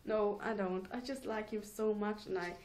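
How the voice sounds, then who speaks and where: A woman's voice: medium pitch, steady tone, normal speed, darkish tone, a little hiss or hum. A teenage girl rambling casually in a home vlog, giggling and mocking herself between thoughts. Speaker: vlogger.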